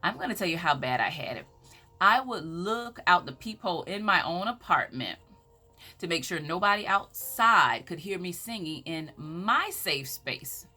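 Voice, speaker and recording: Over faint music, a Southern American woman with a lowish, sharp-toned voice speaks animatedly at a moderate pace. Her inspirational faith talk is delivered in a preacherly, emphatic empowerment-speaker style, full of scripture quotes.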